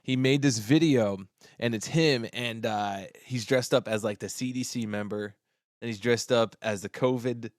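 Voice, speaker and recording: Brief: male co-host, casual storyteller, mid-pitched voice, dry close sound. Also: moderate pace, no echo. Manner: animated storyteller, acts out bits with laughter. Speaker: podcast co-host. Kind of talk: casual chat.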